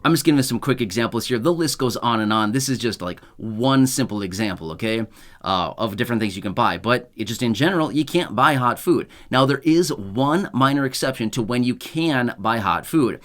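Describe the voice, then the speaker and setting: A man's voice: mid-range voice, animated, fairly quick. A man hosting his own video channel, explaining benefit news in a chatty, upbeat and lightly sarcastic way, often repeating himself. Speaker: YouTube channel host. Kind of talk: casual explainer monologue.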